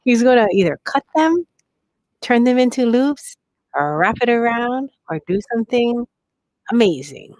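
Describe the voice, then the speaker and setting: A woman's voice: on the high side, sing-song, measured pace, darkish tone, no echo, low-quality recording. Middle-aged woman from Hawaii, live-stream host, laughs easily, drifts into whispers; dry, close. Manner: chatty, laughs often, drops into whispers. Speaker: livestream host at a bead shop. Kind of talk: chatty live demo commentary. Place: bead shop workroom.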